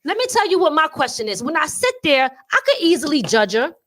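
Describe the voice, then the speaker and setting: A woman co-hosting a casual podcast, her voice sitting high. She talks to her viewers directly in an animated, playful way and keeps breaking into laughter. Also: brisk. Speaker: co-host of a podcast. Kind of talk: casual chat to a live audience.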